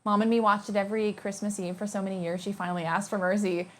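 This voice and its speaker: A woman's voice: medium pitch, little pitch movement, fast. A young woman streaming live, chatting casually and playfully with her viewers and thanking them by name.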